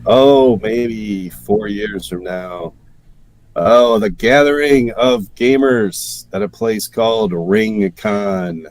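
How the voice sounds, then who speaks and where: A man's voice: lowish voice, slow pace, a little mellow, no echo. A man voicing a mystic who sees the future, drawing out his words in a theatrical prophecy. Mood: mock-mysterious.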